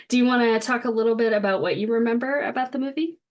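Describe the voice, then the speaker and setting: A woman's voice: fairly high pitch, brisk, darkish tone. A woman co-hosting a podcast in casual chat, who often laughs between phrases and swears casually. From United States. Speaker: podcast co-host.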